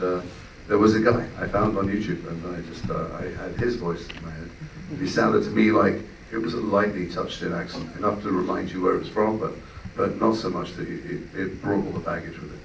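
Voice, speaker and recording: A man on a film panel answering audience questions in articulate, measured explanations. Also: fairly low pitch, creaky, slight background noise. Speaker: voice actor on a panel. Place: screening venue. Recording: echoey hall, distant mic.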